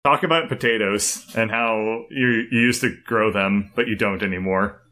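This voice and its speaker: A man's voice: lowish voice, moderate pace, sharp tone. A man hosting a casual podcast, teasing his guest and prompting him to do things.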